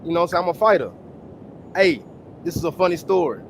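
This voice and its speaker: A high-voiced man with a Houston-area Texan accent, talking in a loose, profane panel chat. He tells stories with energy and slips into the voices of the people he describes. A faint hum of noise sits behind him. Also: animated, fast talker. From Texas. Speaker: amateur boxer, panel guest. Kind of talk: casual panel chat, storytelling.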